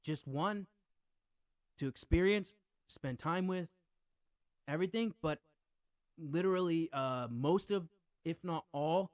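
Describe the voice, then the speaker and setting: A man's voice: on the high side, slow pace, long pauses, a little mellow, no echo. A man in casual podcast talk, rambling and emphatic, who keeps repeating himself and comes across earnest and brooding.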